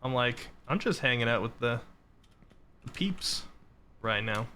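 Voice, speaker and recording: A man from the Boston area in relaxed, casual chat with his live chat while playing a game. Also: medium pitch, unhurried, smooth. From Boston area, Massachusetts. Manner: relaxed, chatty, reads out chat messages. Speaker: streamer.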